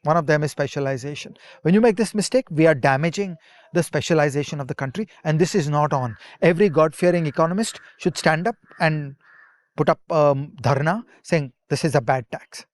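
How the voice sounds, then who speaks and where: A man's voice: fairly high pitch, brisk, dry recording. Emphatic man explaining economics. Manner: emphatic, lecturing with rhetorical asides. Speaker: podcast co-host, economist. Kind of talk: explanatory podcast talk.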